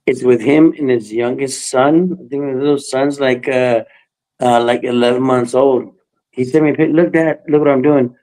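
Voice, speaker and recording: An older man shares a story about his family on a live talk stream. He speaks haltingly and with feeling, restarting sentences and filling pauses as he goes. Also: medium pitch, fairly even intonation, darkish tone, rough recording. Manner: emotional, halting, rambling with many fillers. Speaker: guest. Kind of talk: emotional personal story on a livestream.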